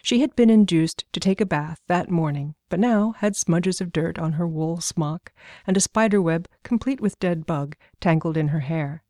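A woman reads a fantasy story aloud in a measured, even way. Her voice is low and mellow. The recording is dry, with no room sound. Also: dry recording. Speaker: narrator. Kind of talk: scripted story narration.

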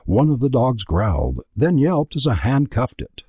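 A man giving a dramatic, expressive scripted narration of a storybook. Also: mid-range voice, normal speed, breathy edge, dry recording, clean studio sound. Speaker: audiobook narrator.

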